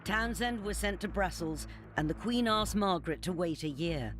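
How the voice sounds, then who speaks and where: Higher-voiced male documentary narrator. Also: lively intonation, normal speed, a bit bright. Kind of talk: scripted narration. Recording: narration over music.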